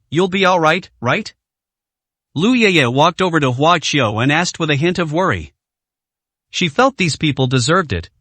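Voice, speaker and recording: Man narrating a story, animated pitch, slightly high voice, dry close sound. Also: dry recording. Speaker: audiobook narrator. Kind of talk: scripted narration.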